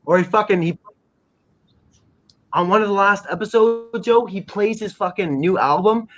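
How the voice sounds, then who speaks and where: A man's voice: sits high, normal speed, a bit bright, lo-fi sound. A man from Canada hosting a livestream, chatting casually with heavy swearing and a rambling way of talking. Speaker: livestream host. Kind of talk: casual chat.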